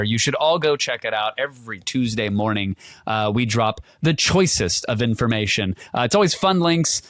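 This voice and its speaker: A man's voice: medium pitch, a bit bright, dry recording. Guy cohosting a podcast, bouncy up and down voice, joking around, dry close sound. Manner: playful, teasing banter. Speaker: podcast co-host. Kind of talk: casual chat.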